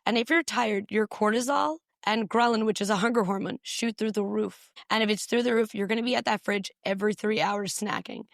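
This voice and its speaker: A woman physician, a guest on a podcast, explaining health advice in brisk, numbered points. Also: medium pitch, gravelly, no echo, clean studio sound. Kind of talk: podcast interview.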